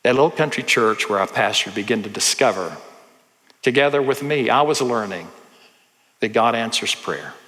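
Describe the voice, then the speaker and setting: A man's voice: medium pitch, normal speed, in a large hall. A man, a pastor telling stories in a folksy sermon and acting out the voices of the people in them. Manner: folksy, animated storyteller who acts out voices. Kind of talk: storytelling sermon.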